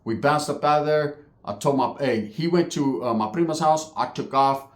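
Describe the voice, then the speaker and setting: Man, swearing storyteller, animated slangy delivery, roomy echo, mid-pitched. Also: moderate pace. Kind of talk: casual storytelling. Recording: echoey room.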